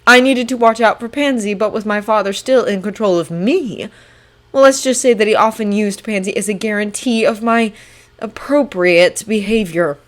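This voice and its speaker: A woman voicing a sharp-tongued, haughty young wizard man in a fan audiobook reading. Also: medium pitch, moderate pace, natural voice. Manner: sneering, clipped retorts.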